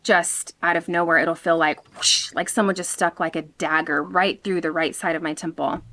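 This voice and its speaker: Woman vlogging outside, candid and animated, talks right to her viewers. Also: fairly low pitch, normal speed. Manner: frank and animated, talking straight to viewers. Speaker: vlog host. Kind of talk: candid personal vlog talk.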